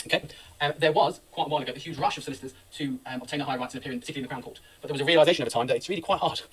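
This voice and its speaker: A middle-aged man giving a brisk, anecdotal law lecture to students, recorded from a distance. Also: mid-range voice, a bit bright, slightly rough. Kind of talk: classroom lecture.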